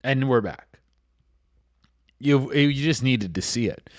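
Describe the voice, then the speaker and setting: A man's voice: medium pitch, slow pace, dry recording. A man hosting a comedy podcast, rambling through a profane, casual monologue full of restarts and fillers.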